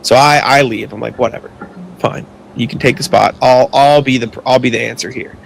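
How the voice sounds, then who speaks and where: A man's voice: medium pitch, fairly even intonation, fairly quick, vocal fry, slight background noise. A young man co-hosting a podcast, telling a long story in a rambling, casual way with lots of "like" and some swearing. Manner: rambling, heavy use of filler "like", swears when annoyed. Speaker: podcast co-host.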